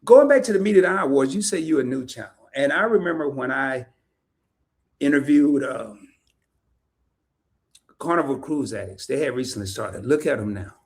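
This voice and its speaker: A man hosting a casual livestream interview, chatty and animated, laughing often as he reads comments. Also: mid-range voice, normal speed, pauses often. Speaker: podcast host. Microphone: streaming setup, remote call.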